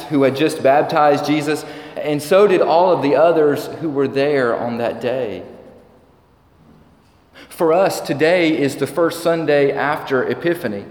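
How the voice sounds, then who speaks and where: A man preaching a sermon as pastor, measured and slowing down when he quotes scripture. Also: a little high, a little mellow. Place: church sanctuary. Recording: echoey church hall.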